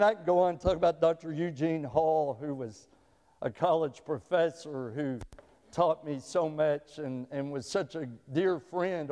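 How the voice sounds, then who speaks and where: A man's voice: fairly high pitch, dark tone. A middle-aged man preaching a sermon as pastor, telling folksy stories and often repeating his words. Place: church sanctuary. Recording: long reverb of a large hall.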